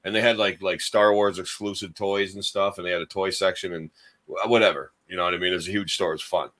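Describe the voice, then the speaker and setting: A man's voice: low-pitched, steady tone, fast, fairly bright tone. A man from upstate New York co-hosting a podcast, telling a rambling childhood story in casual chat. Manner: rambling, storytelling, lots of fillers. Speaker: podcast co-host.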